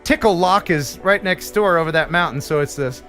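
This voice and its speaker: A man's voice: fairly high pitch, brisk, sharp tone, soft background music. A man from the USA hosting a live stream in casual chat, playful and joking, laughing often.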